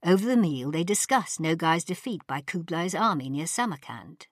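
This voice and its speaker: A woman narrating an audiobook in a measured storytelling manner. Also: fairly low pitch, animated, no room sound, studio quality. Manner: measured storytelling, voices characters. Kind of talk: scripted narration.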